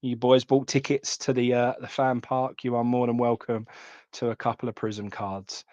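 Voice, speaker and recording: A man's voice: mid-range voice, flat delivery, moderate pace, a little mellow, no room sound, muffled recording. A man hosting a live trading card stream, chatting casually and calling viewers mate.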